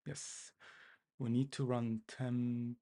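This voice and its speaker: In a mellow mid-range voice with a level tone, a man codes on stream and mutters to himself, taking his time. He repeats phrases with self-mockery, giving casual live-coding commentary.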